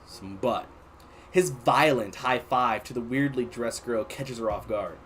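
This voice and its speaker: A man streaming casually, reading an interactive story aloud and chatting to his viewers in an animated way. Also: medium pitch, a little slow, a little hiss or hum. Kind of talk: casual livestream read-aloud.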